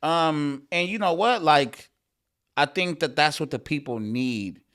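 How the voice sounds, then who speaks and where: A man's voice: fairly high pitch, lively intonation, unhurried, fairly bright tone. A man, a rapper guest on a podcast, talking in a laid-back way with many fillers and some swearing. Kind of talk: casual podcast chat.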